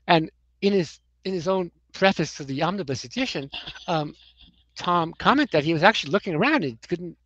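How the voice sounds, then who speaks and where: A woman's voice: on the low side, no room sound, lo-fi sound. An American woman in a casual interview, telling rambling anecdotes with many "you know"s and chuckles. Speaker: comics writer, guest.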